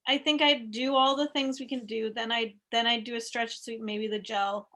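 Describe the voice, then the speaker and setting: Candid woman with a gravelly edge. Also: on the high side, fairly even intonation, normal speed, bright, forceful tone. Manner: candid, swears freely. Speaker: expectant mother. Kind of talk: casual conversation.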